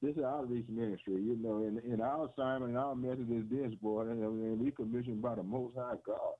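A man's voice: medium pitch, fairly even intonation, fairly quick. A man preaching a sermon on the radio in a rhythmic, repetitive way, often calling his listeners "boy" and "man" and chuckling between phrases. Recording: tinny phone-like radio broadcast.

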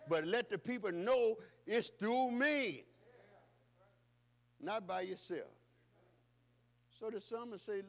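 A male pastor preaching a sermon with rhythmic, repetitive phrasing, swinging between loud calls and hushed passages. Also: sits high, animated, slow pace, gravelly, long pauses. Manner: repetitive, call-and-response phrasing.

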